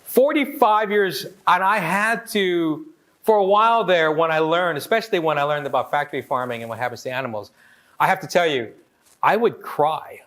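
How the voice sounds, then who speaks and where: A man in his forties from Hawaii giving a lively motivational talk, joking with the audience and acting out quotes. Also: fairly high pitch, moderate pace. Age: 40s. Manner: animated, joking, acts out quotes. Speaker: motivational speaker.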